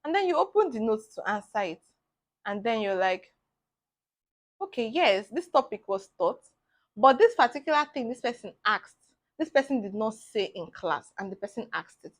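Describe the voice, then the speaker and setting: A young Nigerian woman in her twenties, a medical student giving bubbly, animated advice in a casual vlog, laughing often. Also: fairly high pitch, normal speed.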